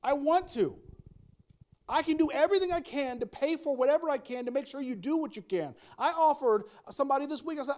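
A man's voice: very high-pitched, brisk, darkish tone. A middle-aged male pastor preaching a sermon, emphatic, with folksy asides and repeated key lines.

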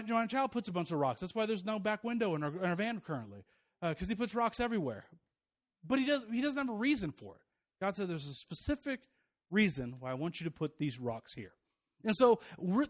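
High-voiced chatty male pastor. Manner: chatty, joking, with many restarts and fillers. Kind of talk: casual sermon to a congregation.

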